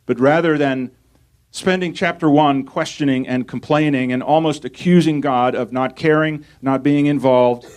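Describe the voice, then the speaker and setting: A man's voice: a little high, fairly even intonation, moderate pace, darkish tone. Man preaching an earnest sermon. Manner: earnest preaching, reads scripture aloud and asks rhetorical questions. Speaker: pastor.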